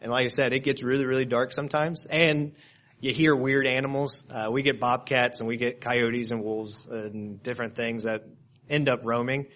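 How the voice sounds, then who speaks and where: A man's voice: mid-range voice, steady tone, normal speed. Earnest preaching man, rising and falling. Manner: earnest preaching, rising to loud emphatic peaks and dropping to soft asides. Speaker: pastor. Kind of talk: sermon.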